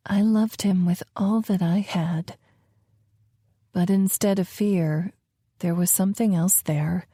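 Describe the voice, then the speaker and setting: A young woman narrating a romance audiobook in the first person, slow and tender, at times near a whisper. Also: medium pitch, warm tone, no echo, clean studio sound.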